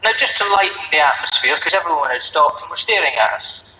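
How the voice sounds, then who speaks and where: A man with a Scottish accent doing a stand-up routine, telling stories deadpan and slipping into voices for the characters in them. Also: on the high side, quick pace, echoey room, far from the mic, background noise. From Scotland. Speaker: stand-up comedian.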